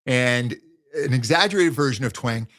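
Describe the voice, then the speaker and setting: A man's voice: mid-range voice, expressive, moderate pace, fairly bright tone. A man teaching singing in a live question-and-answer session, explaining with restarts and breaking into sung exercises. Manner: thoughtful, restarts phrases.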